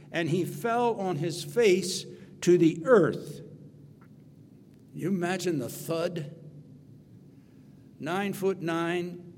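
A male preacher with a fairly high voice, preaching at an unhurried pace. He tells the story dramatically, punching some words loud and dropping into quiet asides. The voice carries a long hall reverb over a faint hum. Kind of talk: sermon.

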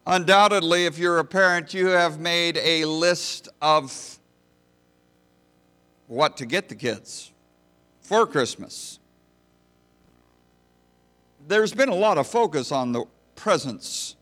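A man delivering a sermon at an unhurried pace. He talks in a folksy, storytelling way, easing his listeners into the point. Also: on the high side, pushed and bright. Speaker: pastor.

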